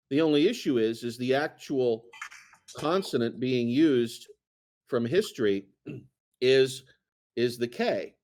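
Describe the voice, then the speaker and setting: A man's voice: medium pitch, darkish tone. A man co-hosting a casual chat, talking in a rambling way with many fillers and restarts. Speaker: co-host.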